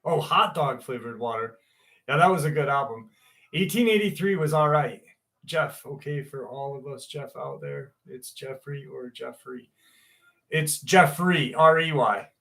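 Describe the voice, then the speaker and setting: A man's voice: mid-range voice, animated, moderate pace, pushed and bright, poor audio. A man hosting a casual livestream from home, chatting loosely with viewers, rambling with fillers and the odd swear. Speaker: livestream host. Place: room at home.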